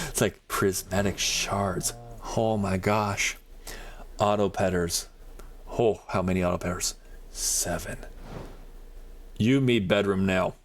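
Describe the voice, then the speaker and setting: A man's voice: deep voice, fairly even intonation, slow pace, long pauses. A man streaming a game, chatting casually and answering his chat, rambling with lots of "like" and frequent laughs. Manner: rambling, heavy on "like", laughs often.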